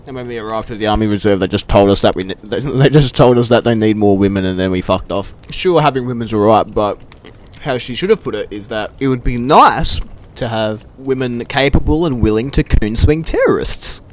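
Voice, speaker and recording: A man's voice: lowish voice, a little fast. A young man casually telling school camp stories, swearing and laughing often. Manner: profane, laughing, animated quoting of friends. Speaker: storyteller.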